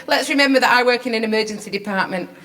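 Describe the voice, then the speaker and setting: On a comedy venue stage before a live crowd, this Northern English woman from Rochdale delivers brash, sweary, self-mocking stand-up. She talks very fast in a slightly high, bright, forceful voice.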